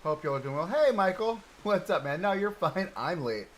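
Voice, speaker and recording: A man chats in an easygoing, self-deprecating way while playing a game on a casual live stream, laughing often, sitting close to a desk microphone in front of him at home. His voice is high and expressive at normal speed. The recording is low quality with slight background noise.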